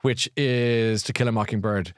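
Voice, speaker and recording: A man's voice: fairly low pitch, fairly even intonation, moderate pace, clear, resonant tone, no echo, studio quality. A man hosting a live show about books and films, chatty and enthusiastic. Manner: chatty and enthusiastic, with frequent restarts. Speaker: host of a live book and culture show.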